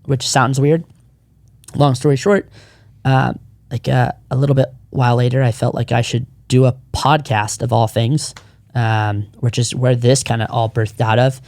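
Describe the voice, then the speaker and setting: A man's voice: medium pitch, fairly even intonation, normal speed, a little mellow, no echo. A man in his thirties, a podcast co-founder, telling his personal story in casual chat, earnest and rambling with frequent restarts.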